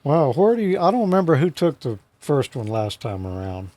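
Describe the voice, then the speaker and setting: A man's voice: on the high side, sing-song, moderate pace, dark tone, no room sound. A man co-hosting a casual show, chatting and then explaining technical material with enthusiasm. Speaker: co-host teaching radio exam material.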